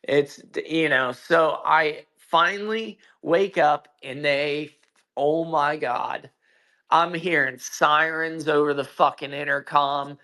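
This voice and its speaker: A man's voice: on the high side, fairly even intonation, takes it slowly, bright, forceful tone. A man telling a personal story in casual chat on an audio call, profane and emphatic, with frequent restarts. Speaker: guest. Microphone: own mic on a social audio call.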